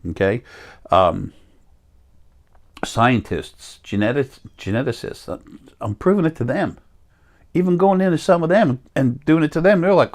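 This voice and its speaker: A man's voice: mid-range voice, expressive, moderate pace, pauses often, a little mellow. A man giving a rambling spiritual talk as a teacher, earnest, often stopping to correct himself. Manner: meandering, self-correcting, earnest.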